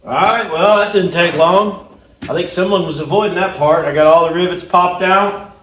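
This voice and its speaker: A man's voice: high-pitched, normal speed, a bit bright, soft background music. A man hosting a car restoration vlog, chatting casually and folksy while he works and hands out plain advice. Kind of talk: casual chat and work narration.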